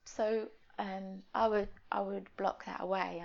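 A young woman, speaking candidly and haltingly in a personal interview, sometimes dropping to a near whisper. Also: medium pitch, flat delivery, creaky, lo-fi sound. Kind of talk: personal testimony.

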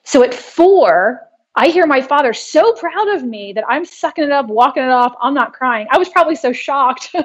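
A woman guest in a conversational interview who explains her wellness work in an earnest, brisk way. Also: high voice, animated, slightly rough. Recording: dull lo-fi audio.

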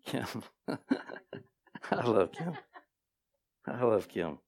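Male pastor, low gravelly voice, animated sermon with repeated phrases and playful asides. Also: extremely slow. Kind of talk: sermon teaching. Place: church sanctuary.

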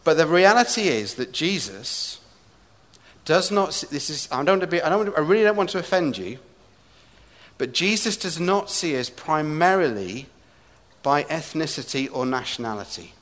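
A man from England preaching a sermon with humor and animated asides, recorded in a large church hall. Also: on the high side, moderate pace. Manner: humorous, animated storytelling with quips. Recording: echoey hall reverb.

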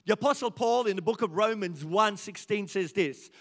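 A man in his sixties preaching and telling stories, his voice rising loud and dropping soft as he goes. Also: sits high, moderate pace, few pauses. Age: 60s. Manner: animated storytelling, swings from loud to soft. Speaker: pastor. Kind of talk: sermon. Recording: reverberant church hall.

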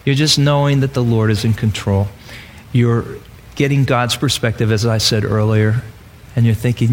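A man's voice: mid-range voice, fairly even intonation, moderate pace, slight background noise. A man preaching a sermon in a conversational way, often asking rhetorical questions. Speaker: pastor.

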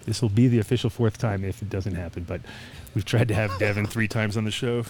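A man hosting a casual studio talk show, telling a long story in a rambling, animated way with plenty of swearing and acted-out quotes. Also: lowish voice, fairly quick, a little hiss or hum. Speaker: podcast host.

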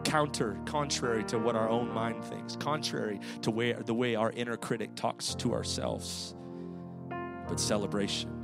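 A male pastor preaching a sermon in a church, swinging rhythmically from loud to hushed. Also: mid-range voice, steady tone, normal speed, creaky, over loud music. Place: church sanctuary.

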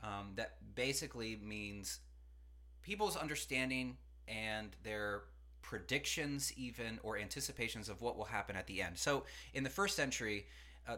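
A man with a bright, clear voice leads a casual teaching conversation from a studio. He unpacks ideas in a chatty, animated way, slipping into quick acted-out quotes. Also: mid-range voice. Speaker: pastor and podcast host.

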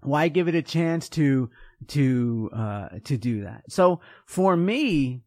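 Male podcast host, upper voice, animated and joking, dry close sound. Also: on the high side, slow pace, dry recording. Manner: animated, jokey, acts out voices. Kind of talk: casual chat.

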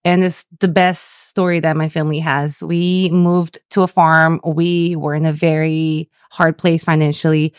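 A young woman from Brazil who grew up speaking Portuguese tells a story in a relaxed interview. Her voice sits a little low and she keeps it lively and animated. The sound is close and dry. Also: a little slow, hardly any pauses, clean tone, no echo. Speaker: Portuguese school director.

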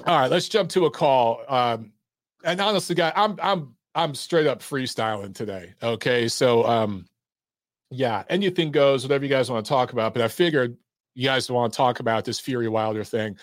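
A man's voice: medium pitch, expressive, normal speed, dry recording, studio quality. A man hosting a live call-in show about boxing, talking casually and bluntly with plenty of swearing as he reads the chat and takes calls. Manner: blunt, profane and laid-back.

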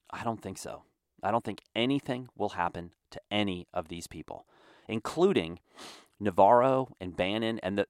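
A man's voice: lowish voice, dry recording, studio quality. A man delivering a heated, exasperated political commentary monologue.

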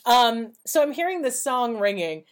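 A woman's voice: on the high side, sing-song, normal speed. A woman co-hosting a podcast, telling a personal story in a blunt, profane, casual way and acting out the dialogue. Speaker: podcast co-host.

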